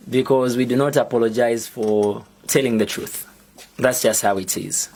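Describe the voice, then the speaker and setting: Zambian man, young adult, unhurried delivery, deliberate and defiant, public statement. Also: fairly high pitch. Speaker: musician and activist.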